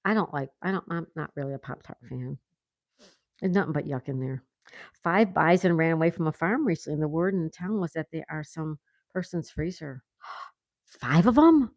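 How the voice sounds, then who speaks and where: Low-voiced woman chatting on a livestream. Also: a little fast, dry recording, studio quality. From United States. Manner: chatty, reads viewer comments aloud, laughs often. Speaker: livestream host. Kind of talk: casual live chat reading comments. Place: home in Florida.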